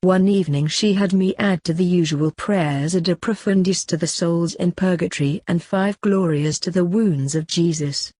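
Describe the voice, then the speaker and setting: A woman narrating a saint's autobiography as an audiobook, in a calm, earnest and measured reading. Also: lowish voice, dry recording, studio quality.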